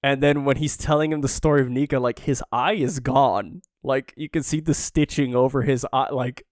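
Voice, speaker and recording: A man's voice: mid-range voice, normal speed, no echo. Male podcast co-host, emotional and sighing, dry close sound. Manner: emotional, sighing, reads dialogue quietly. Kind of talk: casual chat, reading manga panels aloud.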